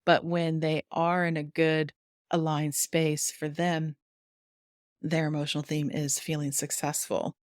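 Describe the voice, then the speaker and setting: A woman guest on a wellness podcast, explaining warmly and chattily, laughing often and acting out little quotes. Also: sits low, flat delivery, a little slow, no room sound, studio quality. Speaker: human design guide, guest.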